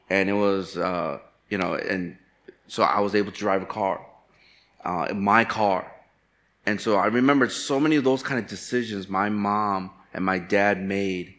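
A man from Chicago delivers a sermon as a pastor, with a voice that sits on the lower side. He talks candidly, weaving personal stories into the message and poking fun at himself. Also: a bit bright. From Chicago, USA. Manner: candid, storytelling with self-deprecating humor.

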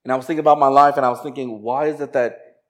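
A pastor with a mid-range voice preaches, shifting from slow, emphatic scripture reading into a chatty personal story. He's conversational and animated, laughing and using quoted voices as he tells it.

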